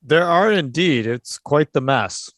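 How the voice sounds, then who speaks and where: A man's voice: on the high side, animated, unhurried, fairly bright tone, no room sound, clean studio sound. A man running a tabletop role-play game as game master, easygoing and thinking aloud as he makes his calls.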